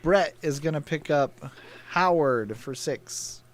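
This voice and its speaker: A man's voice: a little high, slow. A man co-hosting a live comic sale stream, reading out buyers and tossing in dry jokes. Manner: dry, teasing quips. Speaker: co-host reading buyer comments. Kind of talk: casual sales chat.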